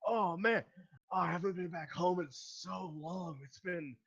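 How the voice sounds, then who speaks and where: A man voicing a big, burly, drunk dwarf who is friendly and excitable, speaking in a high, raised voice. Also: measured pace, gravelly, husky, dull audio, heavily acted. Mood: cheery drunk.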